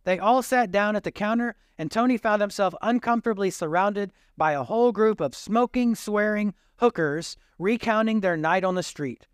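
Pastor telling a story from the pulpit. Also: male voice, high voice, normal speed, few pauses, clean tone, no room sound, clean studio sound. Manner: retells a story with quoted dialogue. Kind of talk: sermon storytelling.

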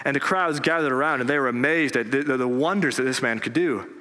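A male pastor preaching a sermon in earnest, rising for emphasis and dropping low on key words. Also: quick pace, pushed and bright. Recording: long reverb of a large hall.

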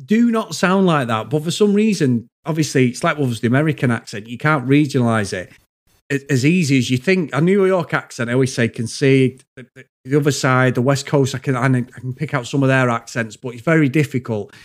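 A man with a Manchester accent, co-hosting a film podcast in rambling, animated casual chat that drifts into side stories and swearing. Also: mid-range voice, a little fast. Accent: Mancunian English. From England. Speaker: podcast co-host.

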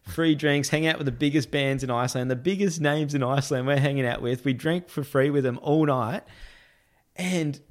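A man casually telling a long anecdote on a podcast. He laughs often and acts out the other people in a higher voice, with many "I'm like" asides. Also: normal speed.

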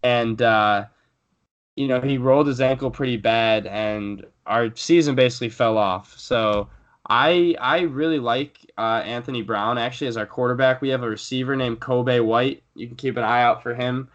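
A man's voice: mid-range voice, moderate pace, highs cut off. A young man co-hosting a casual sports podcast, rambling with fillers and restarts as he previews his team. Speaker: podcast co-host.

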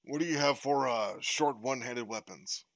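A man's voice: mid-range voice, normal speed, vocal fry, fairly bright tone. A man playing a tabletop game, speaking in character, bargaining hard with a wry, swearing manner. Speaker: player.

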